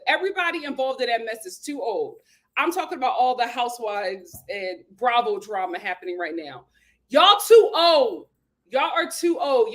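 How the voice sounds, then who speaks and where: Sassy woman host, high lively voice. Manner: lively, sassy, reads viewer comments aloud and greets them. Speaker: host of a live show. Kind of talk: casual live-stream chat reading comments. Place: home in Los Angeles.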